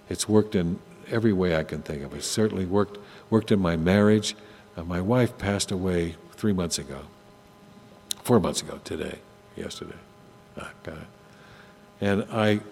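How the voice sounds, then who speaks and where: An older man telling personal stories to an audience in a conversational way, often halting and restarting his sentences. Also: sits low, darkish tone. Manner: halting, with frequent restarts and asides. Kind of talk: conversational storytelling talk. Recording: long hall reverb, faint hum.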